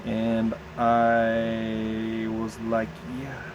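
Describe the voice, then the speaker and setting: A man with a Southern American accent talking candidly into the camera in a personal vlog, halting and searching for words with many restarts. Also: on the low side, monotone, dull audio, music in the background.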